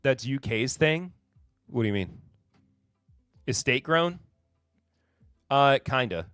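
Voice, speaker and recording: A man hosts a live whiskey podcast in a smooth, resonant voice at an ordinary pitch. He rambles through new bottle labels with a sarcastic, self-deprecating streak. The sound is dry and close, with faint music underneath. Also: expressive, takes it slowly, a bit bright, no room sound. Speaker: podcast host.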